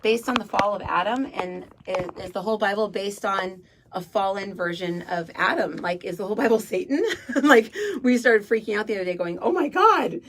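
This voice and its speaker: A woman's voice: mid-range voice, fairly even intonation, fairly quick, a little hiss or hum. A woman radio host talking in a casual, rambling way about spirituality, with many fillers and asides.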